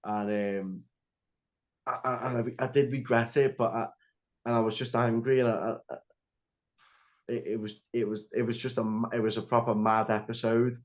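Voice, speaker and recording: Telling a story as a podcast guest, a young man speaks at normal speed with long pauses and a mid-range voice that barely moves in pitch. His rambling is full of "like" and restarts, recorded in slightly dull lo-fi sound.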